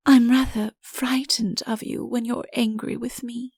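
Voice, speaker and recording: A woman voicing a scheming, flirtatious countess in an audiobook, with a breathy, whispery delivery and a put-on meekness. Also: a little high, flat delivery, a little slow, darkish tone, no room sound, clean studio sound. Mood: hushed, meek. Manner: coy, feigns meekness. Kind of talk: audiobook character voice.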